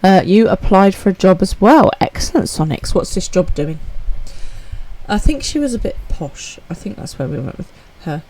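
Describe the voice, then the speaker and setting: A woman's voice: medium pitch, very animated, normal speed, dark tone. A woman, chatting upbeat with viewers while streaming a game live.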